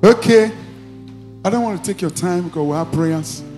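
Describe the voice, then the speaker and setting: A male pastor with a Nigerian accent preaching and leading deliverance prayer in a church, commanding and repeating short phrases, sometimes breaking into shouts. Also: high voice, moderate pace, soft background music.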